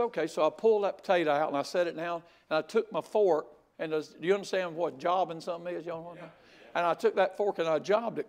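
An older man preaching a sermon, telling a folksy story with loud outbursts. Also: fairly high pitch. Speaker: pastor.

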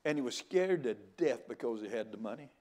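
A man's voice: mid-range voice, expressive, a little fast, darkish tone. An older man giving a sermon as a guest preacher. He jokes in a folksy way and often stammers into restarts.

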